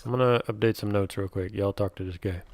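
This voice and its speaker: A man's voice: on the low side, steady tone, fast, darkish tone. A man playing a tabletop game over voice chat, asking wry, probing questions in casual talk. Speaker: player. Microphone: computer mic over online voice chat.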